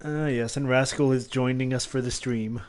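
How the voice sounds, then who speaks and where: A man's voice: mid-range voice, fairly even intonation, moderate pace, a little mellow, slight background noise. A man co-hosting a game stream, chatting casually and hesitantly with plenty of fillers. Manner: easygoing, hesitant, lots of fillers. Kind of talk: casual chat.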